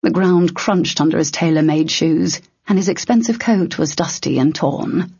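An audiobook narrator reading fantasy in a steady, measured way, with a husky tone at a mid pitch. The recording is dry and close, slightly dull and lo-fi. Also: no echo. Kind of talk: scripted narration.

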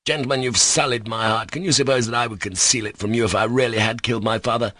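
A man's voice: mid-range voice, fairly even intonation, fast, sharp tone, no echo. A man reading an angry, proud young man under questioning, with agitated, bitter outbursts, in a dry, close recording. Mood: indignant. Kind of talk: audiobook character reading.

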